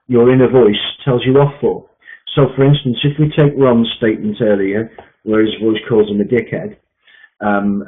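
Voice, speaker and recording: A man coaching a group on sales mindset, emphatic and repetitive with frequent fillers. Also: lowish voice. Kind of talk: coaching session talk. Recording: tinny phone-like line.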